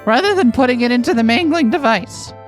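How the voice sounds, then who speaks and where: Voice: medium pitch, expressive, a little fast, soft background music, poor audio. A game player commenting and reading game text aloud in a playful, joking way. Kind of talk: let's play commentary and reading.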